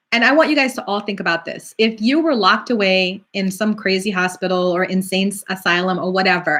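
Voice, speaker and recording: Middle-aged lady medium chatting on a stream, lively, acts out what people said. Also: medium pitch. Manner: chatty, animated, acts out quoted voices. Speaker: psychic medium hosting a live stream. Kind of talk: casual live-stream talk answering viewer questions.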